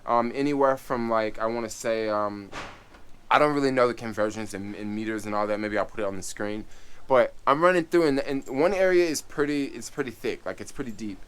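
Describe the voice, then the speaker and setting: A man telling a story on his vlog in an animated, excitable way, full of casual fillers. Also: mid-range voice, a little fast, smooth. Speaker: vlogger.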